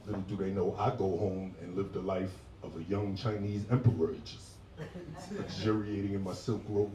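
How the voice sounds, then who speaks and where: A man's voice: deep voice, flat delivery, moderate pace. A male stand-up comedian doing a profane set with crowd work, breaking into acted voices. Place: live comedy show with passersby nearby. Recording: roomy live sound from a distant mic with audience.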